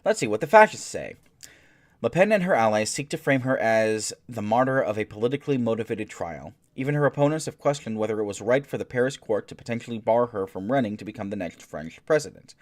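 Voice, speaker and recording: A streamer hosts his own show, reading news articles aloud in a lowish, animated voice. He pauses for dry, sarcastic asides, keeping an unhurried, halting pace.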